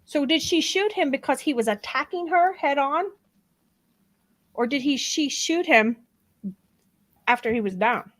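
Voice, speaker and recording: A middle-aged woman giving casual true-crime commentary, animated and sarcastic, acting out what others said. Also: high voice, a little slow, long pauses, poor audio. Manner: animated, sarcastic, acts out quotes.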